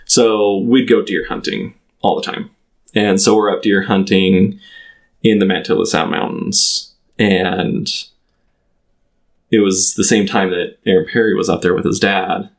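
A man in his thirties tells a personal story as a guest in a relaxed conversation. His voice sits low, with a gravelly, creaky edge. He speaks haltingly, stopping and restarting often and filling the gaps with "like.". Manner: halting, full of "like" fillers and restarts. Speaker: podcast guest. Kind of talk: casual storytelling in a chat.

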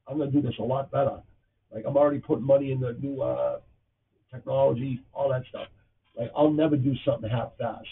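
A man in his fifties with a thick Boston accent talks bluntly and profanely, rambling from one thing to the next. His voice is gravelly, and it comes through a tinny, phone-like line from some distance off, with a faint hiss underneath. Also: medium pitch. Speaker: podcast host. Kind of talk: casual livestream chat.

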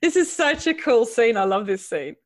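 A woman co-hosting a casual book discussion, retelling the story with lively feeling and laughing often. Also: fairly high pitch, moderate pace, crowd noise. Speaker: podcast co-host.

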